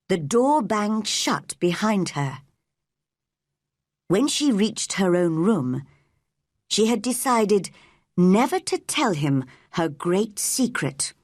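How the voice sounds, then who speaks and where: A woman narrating a simple storybook clearly and deliberately for English learners. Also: on the low side, animated, a little mellow, no room sound, studio quality.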